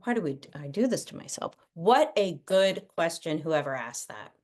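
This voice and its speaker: A middle-aged woman with a deep voice, a guest parenting expert, discusses parenting ideas over a video call. She's casual and animated, often slipping into quick impressions of kids and parents to explain her points.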